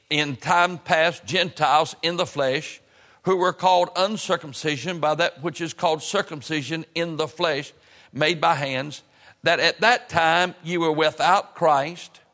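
A man preaching a sermon in a church, in an emphatic, rising cadence with drawn-out phrases. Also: a little high, pushed and bright. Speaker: pastor. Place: church sanctuary. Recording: church hall reverb.

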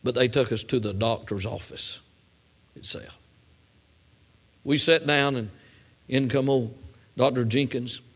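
A man's voice: medium pitch, measured pace, pauses often, husky. A middle-aged man preaching a sermon, telling a personal story in a folksy way that builds to fervent emphasis.

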